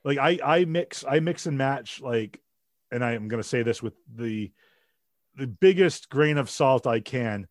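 A man chats loosely as a podcast host. He rambles and pokes fun at himself. His voice is mid-pitched and sounds dry and close. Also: lively intonation, measured pace, dry recording. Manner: goofy, rambling, self-deprecating. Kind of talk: casual chat.

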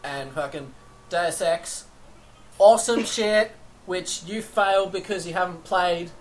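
A woman's voice: fairly low pitch, unhurried, slight background noise. A woman in casual chat about video games, brash and teasing, swearing freely.

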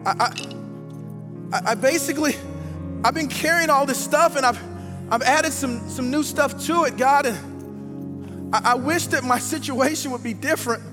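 A man in his forties preaching a sermon in a casual, repetitive way, swinging between loud outbursts and quiet passages. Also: very high voice, normal speed, pauses often, big-room sound. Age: 40s. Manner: conversational, repetitive, dynamic shifts from loud to quiet. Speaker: pastor. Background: faint band music.

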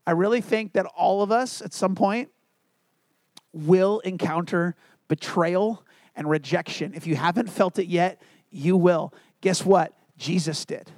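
A pastor preaching a sermon earnestly shares a personal story, dropping into quiet, low tones for emphasis. He keeps a measured pace, and there's no room sound.

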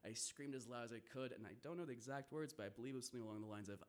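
A man's voice: mid-range voice, very fast, hardly any pauses. A man telling a vivid first-person story to an audience, swearing and laughing now and then.

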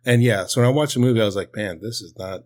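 A man's voice: fairly low pitch, fast. A man appearing as a guest on a film podcast, talking casually and agreeably, rambling a little.

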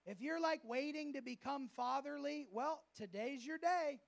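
A male pastor preaching a sermon at a church service, lively and humorous, often acting out the voices of people he quotes. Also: extremely high pitch, unhurried, vocal fry.

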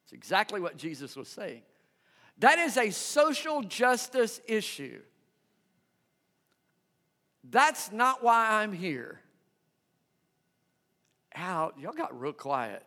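Pastor, male, high animated voice, unhurried delivery, long church-hall reverb. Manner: animated, conversational preaching that asks the congregation questions. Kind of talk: sermon. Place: church sanctuary.

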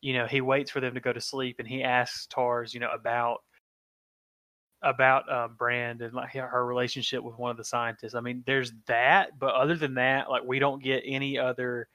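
Podcast guy mulling over a movie, mid-pitch voice, dry close mic, lots of you know and like. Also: level tone, moderate pace, pushed and bright, no echo. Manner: thoughtful, hedging, with many fillers. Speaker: podcast co-host. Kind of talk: casual film review discussion.

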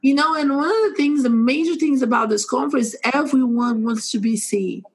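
A woman speaking English with a non-native accent, telling stories with animated energy on a casual podcast. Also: high voice, fairly quick, husky, poor audio. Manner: animated storytelling, warm and earnest. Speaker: podcast co-host. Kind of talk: casual chat.

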